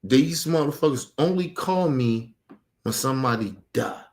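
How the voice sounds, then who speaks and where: A man's voice: medium pitch, lively intonation, a little slow. A man ranting heatedly about his family, angry, emphatic and full of profanity. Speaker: streamer. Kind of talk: heated personal rant.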